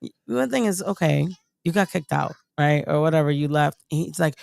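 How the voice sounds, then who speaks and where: A woman's voice: deep voice, expressive, a little fast, gravelly, a little mellow, no echo. A woman co-hosting a stream, talking bluntly and swearing freely. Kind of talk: casual stream chat.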